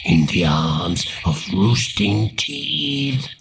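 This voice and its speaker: A man voicing an eerie female spirit in a red sari, chanting slowly like a creepy nursery rhyme. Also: on the low side, very animated, fairly bright tone, husky, full character voice.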